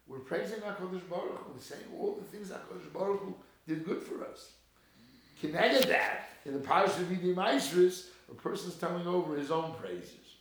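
Man, Torah lecture, gravelly, slightly high voice, loud quotes and hushed asides, very echoey room. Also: moderate pace. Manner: swings between loud emphatic quoting and low hushed asides. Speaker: rabbi giving a Torah talk.

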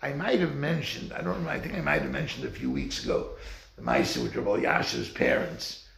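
A man's voice: a little fast, gravelly, echoey room. A man teaching a Torah class, acting out the voices of the people in his stories. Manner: animated, acts out quoted voices with wide pitch swings.

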